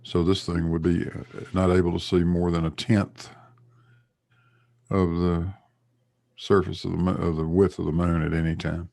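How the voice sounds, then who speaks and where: A man's voice: low-pitched, flat delivery, normal speed, vocal fry, mellow. A laid-back man making offhand jokes in a casual chat.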